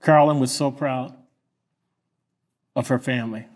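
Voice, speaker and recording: A man from Kentucky who is a pastor, giving a halting, reflective memorial tribute. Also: medium pitch, steady tone, darkish tone. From Lynch, Kentucky.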